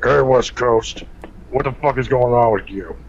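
A man's voice: mid-range voice, a little slow, vocal fry, highs cut off, slight background noise. A man calling into a radio show, taunting and making crude accusations. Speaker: caller. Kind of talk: mocking phone call.

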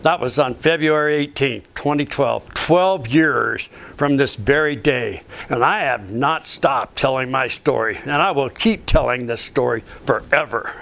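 A man's voice: mid-range voice, measured pace, creaky, hardly any pauses, a bit bright. A man giving an earnest, rambling personal faith testimony as a ministry speaker, often saying "you know".

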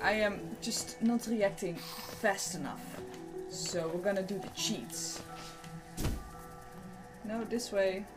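A woman's voice: medium pitch, takes it slowly, long pauses. A young woman with a Dutch accent, chatting playfully as she streams a game, with a self-mocking tone. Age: young adult. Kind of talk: casual gameplay commentary. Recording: music playing behind.

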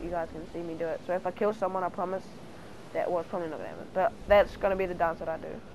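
A gaming channel host giving live gameplay commentary, excitable, who yelps and pleads whenever danger comes close. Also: medium pitch, racing, dull audio, a little hiss or hum.

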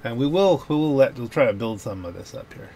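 A man's voice: mid-range voice, animated, fairly quick, warm tone. A man giving casual, jokey let's-play commentary while racing, chatting to himself on a home microphone with audible clicks. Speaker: gaming channel host. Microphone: home gaming microphone with audible clicks. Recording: noisy, with car and game sounds behind.

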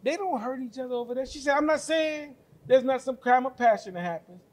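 High-voiced man telling a story. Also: a little fast. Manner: storytelling, retelling conversations with quoted lines. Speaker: podcast co-host. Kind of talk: casual group discussion.

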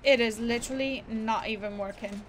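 Chatty girl streamer talking over a game, self-mocking, bit high voice, faint hiss. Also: steady tone, moderate pace. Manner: chatty, self-mocking, says "literally" a lot. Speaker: gaming streamer. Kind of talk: casual gameplay commentary. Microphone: desk microphone.

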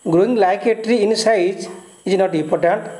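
A male teacher with an Indian English accent works through a poem, repeating key words and explaining each one. His voice sits high for a man and stays mellow and soft-edged. The recording carries a noticeable room echo. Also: moderate pace. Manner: repeats key words and glosses meanings step by step. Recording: echoey room.

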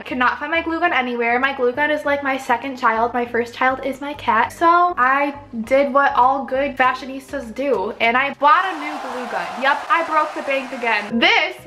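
A bubbly young woman in her twenties talks through a home craft project in a loose, rambling vlog. Her voice sits high and sounds bright and sharp, and she keeps poking fun at herself between filler words. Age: 20s. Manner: bubbly, rambling, self-mocking with many "like"s. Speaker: craft vlogger. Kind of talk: casual chatty vlog.

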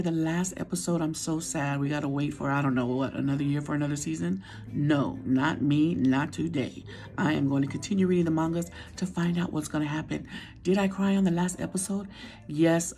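A woman's voice: lowish voice, creaky, darkish tone. A middle-aged woman chatting casually to her viewers, playful and talkative, sometimes dropping to a whisper. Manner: chatty, playful, sings along, drops to a whisper now and then. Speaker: vlogger. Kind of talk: casual weekly chat to viewers.

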